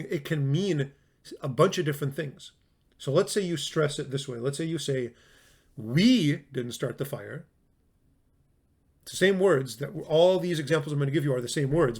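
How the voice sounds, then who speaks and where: A man with a slightly higher voice teaches a recorded class in an easygoing, conversational tone. He leans hard on single words to make his point and breaks off to restart sentences as he goes. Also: husky. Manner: conversational, emphatic, with frequent restarts. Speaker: lecturer.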